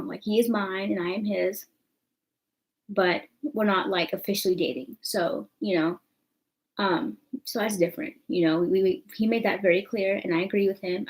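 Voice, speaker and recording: A woman's voice: on the low side, rough recording. A young woman telling a story to her camera in a rambling, chatty way, full of fillers. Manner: chatty, rambling, full of fillers like "you know what I'm saying". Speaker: vlogger.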